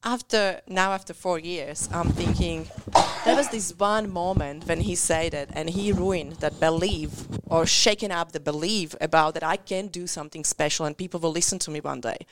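A woman's voice: fairly low pitch, normal speed, background noise. A woman in her thirties with a Central European accent, a business coach telling her story earnestly in an interview and acting out what people said. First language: Central European language. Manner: earnest storytelling with acted-out quotes.

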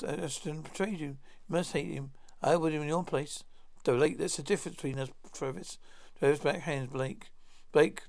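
A man's voice: on the high side, creaky, a little mellow. A man reading a science-fiction script aloud, naming each speaker before their line. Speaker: narrator reading all parts. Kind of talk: plain read-through of a script.

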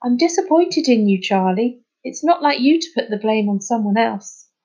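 A woman's voice: a little high, lively intonation, moderate pace, warm tone, highs cut off. Woman playing a flustered schoolteacher. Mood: exasperated. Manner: exasperated, scolding.

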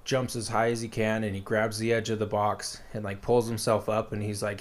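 A man's voice: on the low side, little pitch movement, normal speed, few pauses. A man casually retelling a story as a podcast co-host, rambling with lots of fillers.

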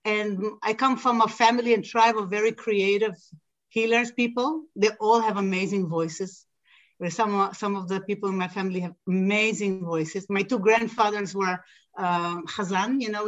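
A woman speaks as a podcast guest, a singer who tells her story in an animated way. She pauses often and fills gaps as she talks. The recording sounds slightly dull and lo-fi. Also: mid-range voice. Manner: animated storytelling with frequent hesitations. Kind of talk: casual podcast interview.

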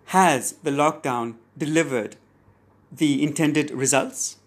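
A man's voice: a little high, slow pace. A man interviewing, formally putting a question to his guest.

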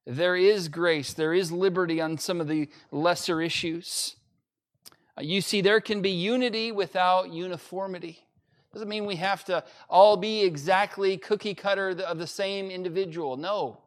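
A pastor preaching an emphatic sermon to a livestream audience, repeating key phrases with frequent fillers. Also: male voice, high voice, steady tone, moderate pace. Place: church during livestream-only service.

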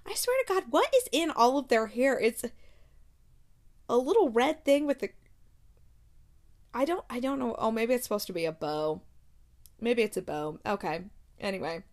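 A woman's voice: a little high, expressive, normal speed, long pauses, a little mellow. Laughing, incredulous woman reviewing books. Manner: laughing, incredulous, reads blurbs aloud. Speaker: book vlogger. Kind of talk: casual book review chat.

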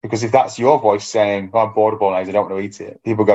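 A man with a lowish voice talks over a dull, lo-fi recording. He chats casually on a podcast as a fitness coach. He is reflective and acts out his own inner voice as he goes. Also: steady tone, rapid-fire, warm tone. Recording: dull lo-fi sound.

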